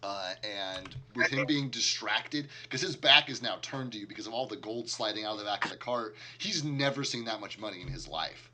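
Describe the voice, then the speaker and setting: A man's voice: fairly low pitch, normal speed, few pauses, very noisy. A man narrating a tabletop game as game master, talking casually with many fillers and chuckles.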